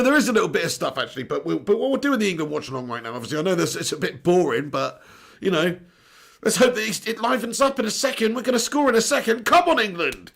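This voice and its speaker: Young guy hosting a footy watch-along stream, reads chat out, joking around, high voice, gravelly. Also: a bit bright. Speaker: live stream host. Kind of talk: football watch-along commentary.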